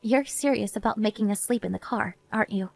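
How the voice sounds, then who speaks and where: A woman's voice: medium pitch, a little fast, vocal fry. A woman voicing a worn-out young wife and mother who argues earnestly with her husband. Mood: resigned. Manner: earnest, pleading, then flat and resigned. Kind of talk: animated story narration.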